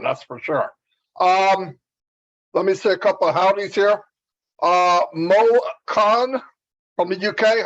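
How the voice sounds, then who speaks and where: Slow, relaxed high-voiced man. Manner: relaxed, joking. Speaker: co-host. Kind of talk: livestream chat greetings. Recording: dull lo-fi stream audio.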